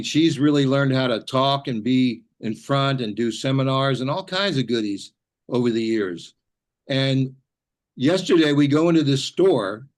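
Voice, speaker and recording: A man joins a group training call and chats casually. His voice sits at a middle pitch, and he talks in a loose, relaxed way with small fillers.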